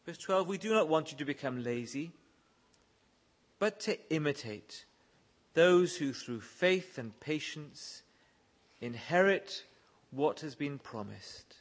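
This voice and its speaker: A man's voice: a little high, lively intonation, takes it slowly, long pauses. A man preaching a sermon, reading scripture verses aloud and pressing his listeners with earnest questions. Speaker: pastor.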